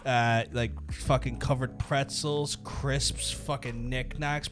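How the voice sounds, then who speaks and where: A man's voice: mid-range voice, takes it slowly, music in the background. A man with a Northern Irish accent, co-hosting a podcast, telling rambling stories in casual, sweary banter. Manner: rambling, sweary, animated storytelling. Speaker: podcast co-host.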